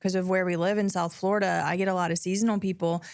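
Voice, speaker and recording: A woman with a lowish voice co-hosts a casual talk, drawing on her work with patients. She explains in an engaged, agreeable way, and her voice is dry and close to the mic. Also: level tone, quick pace, no echo. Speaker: health practitioner and co-host. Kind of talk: casual chat. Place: South Florida.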